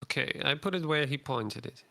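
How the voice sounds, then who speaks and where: Man player, quiet, gravelly fry in the voice. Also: medium pitch, normal speed.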